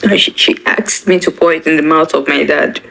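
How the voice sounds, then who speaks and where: A young woman tells an emotional personal story, halting and often repeating her words. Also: deep voice, creaky, a bit bright, rough recording. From Nigeria. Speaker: bereaved daughter.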